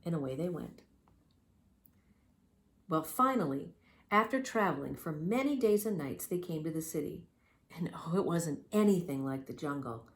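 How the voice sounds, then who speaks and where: A woman reading a children's story aloud with gentle, lively storytelling. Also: low-pitched, normal speed, long pauses.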